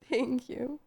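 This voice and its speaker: A tearful woman streamer speaks slowly in a high voice, her words breaking as she thanks her viewers. She talks in an emotional, halting way, repeating words and starting over. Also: creaky, darkish tone. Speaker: live streamer. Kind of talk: casual live-stream talk to chat.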